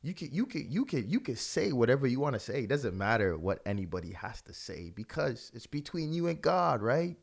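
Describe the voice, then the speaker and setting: A man's voice: mid-range voice, very animated, creaky, pitched above the performer's own voice. A man putting on a coaxing tempter devil. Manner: coaxing, persuasive, quick repeats. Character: tempting male devil whispering permission.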